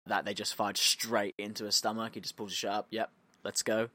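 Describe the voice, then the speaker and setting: A man co-hosting a podcast, telling a story in a loose, animated way, acting out quotes and laughing often. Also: on the low side, brisk, dry recording. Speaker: podcast co-host. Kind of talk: casual storytelling chat.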